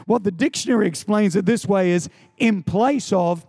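High, gravelly preacher. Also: male voice, moderate pace. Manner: animated, storytelling, emphatic repetition. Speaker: pastor. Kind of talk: sermon.

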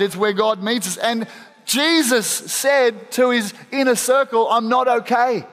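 A man's voice: sits high, fairly bright tone. A pastor giving a sermon, earnest and emphatic, often restarting his sentences and dropping in playful asides. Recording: long hall reverb.

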